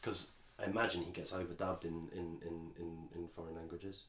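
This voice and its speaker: A man's voice: low voice, flat delivery, normal speed, a bit bright, echoey room. An English man co-hosting a podcast, chatting casually and rambling with frequent restarts. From England. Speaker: podcast co-host. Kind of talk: casual chat.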